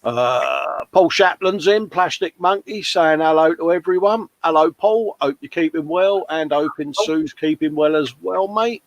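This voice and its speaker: A man's voice: a little high, a little slow, hardly any pauses, dry recording. A man hosting a casual livestream, reading out viewers' comments with chatty, matey banter. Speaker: livestream host.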